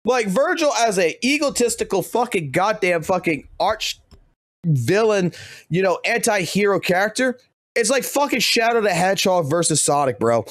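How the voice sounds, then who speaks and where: A man's voice: sits high, expressive, moderate pace, a bit bright, dry recording. A man who streams games, ranting heatedly and swearing constantly. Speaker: game streamer. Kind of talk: profane gaming rant.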